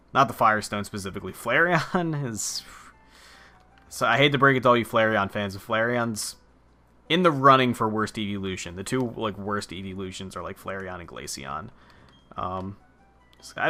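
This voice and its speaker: A man's voice: fairly low pitch, pushed and bright. A young man giving casual, rambling commentary while playing a video game, swearing offhandedly. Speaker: let's play gamer.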